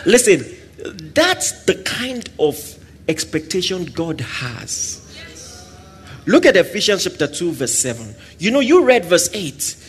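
A man preaching a sermon, swinging between loud exclamations and soft asides and acting out little scenes. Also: high voice, huge pitch swings, takes it slowly, slight background noise. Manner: acts out little scenes with quoted voices and laughter.

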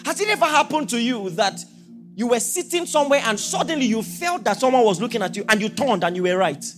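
Male pastor, animated sermon delivery, wide-ranging pitch, soft music underneath. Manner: animated preaching, rhetorical questions, swings from soft to shouting.

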